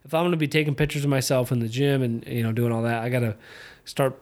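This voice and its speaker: A young man runs his own podcast, talking casually to himself while watching fights, rambling with plenty of fillers and restarts. His mid-range voice is steady, quick and a bit dark, and it picks up a slight Southern twang whenever country music comes up.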